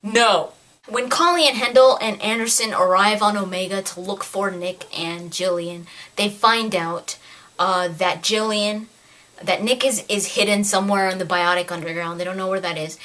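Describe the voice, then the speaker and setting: A woman talks through a book review in a casual rant. She sounds exasperated and animated, and her voice sits at an ordinary middle pitch. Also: moderate pace.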